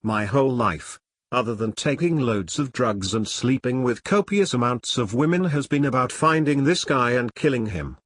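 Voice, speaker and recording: A man's voice: medium pitch, lively intonation, moderate pace, fairly bright tone, no room sound. A man voicing a foul-mouthed, hot-headed male gangster who rants profanely, read close to the mic. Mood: indignant.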